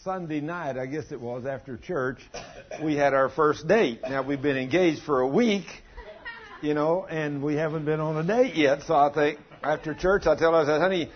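An older man preaching a sermon, telling a folksy story in plain country grammar, with a husky voice. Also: on the high side, normal speed, highs cut off. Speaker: pastor.

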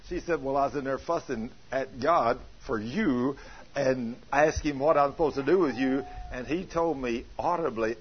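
A man preaching a sermon, telling a story about his wife in a folksy, colloquial way with bursts of loud emphasis. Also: mid-range voice, normal speed, breathy edge. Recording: dull lo-fi sound.

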